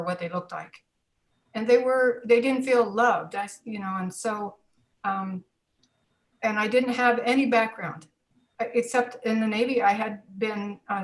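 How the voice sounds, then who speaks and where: A woman's voice: medium pitch, poor audio. Woman, 60s, former teacher as guest; storyteller who animates the quoted dialogue. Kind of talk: personal storytelling.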